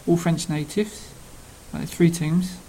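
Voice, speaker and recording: An older man from London with a Cockney accent, introducing himself casually in a plain, halting way with frequent pauses. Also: a little high, steady tone, mellow, slight background noise, rough recording. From London, England. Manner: halting, plain-spoken, pausing often mid-sentence. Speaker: television sports researcher.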